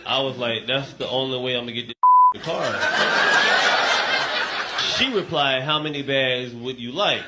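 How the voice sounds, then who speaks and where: Man, stand-up comic, loud, mid-pitched voice, noisy recording. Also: normal speed, pauses often. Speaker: stand-up comedian. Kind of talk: stand-up set.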